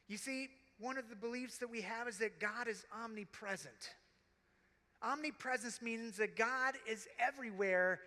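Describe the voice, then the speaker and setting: A man preaches a keynote as a deacon, slow and deliberate with long, intense pauses. His voice is unusually high and bright, and long reverb from a big hall trails each phrase. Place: large conference hall. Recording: echoey large hall.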